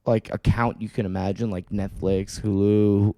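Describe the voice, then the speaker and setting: A man's voice: fairly low pitch, level tone, moderate pace, mellow. A man in his thirties, co-hosting a podcast, telling a rambling story in casual chat with lots of swearing. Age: 30s. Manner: rambling, swears a lot, acts out voices in anecdotes. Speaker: podcast co-host.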